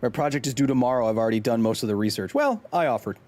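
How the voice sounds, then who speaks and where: Lively man streaming a game. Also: medium pitch, quick pace. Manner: chatty, explains science, reads chat aloud; jumpy, yells when startled. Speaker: science streamer. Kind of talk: live gaming stream commentary.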